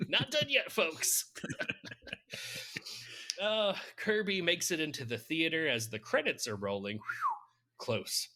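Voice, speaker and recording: A man's voice: a little high, wildly swooping pitch, slow, pauses often, pushed and bright. A man co-hosting a podcast, casually recapping a film's plot with wry, laughing asides. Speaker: podcast co-host recapping a film. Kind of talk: casual chat.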